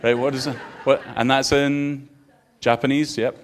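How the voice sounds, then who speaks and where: A man's voice: mid-range voice, flat delivery, a little slow. A man, a pastor giving an interactive sermon and bantering playfully with his congregation.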